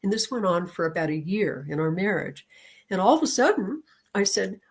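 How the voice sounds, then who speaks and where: A woman who teaches and lectures appears as an interview guest, animatedly telling a personal story and laughing often. Her voice is mid-range and slightly rough, at a normal speed.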